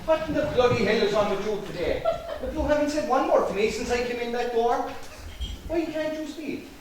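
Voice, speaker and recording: A high-pitched Irish country doctor, brusque and exasperated, firing questions and then puzzling things out aloud, as a man plays him on stage. He is heard from far off in a very echoey hall, with loud noise behind. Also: fairly quick. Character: brusque local doctor calling at a house. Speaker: stage actor. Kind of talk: live amateur stage acting. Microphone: distant stage or room mic.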